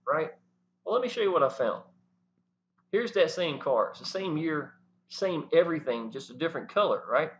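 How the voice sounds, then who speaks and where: A man talking to the camera, animated and preachy, often saying "y'all". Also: a little high. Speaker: network marketing promoter. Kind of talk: casual talk to camera. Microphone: camera mic. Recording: dull lo-fi sound.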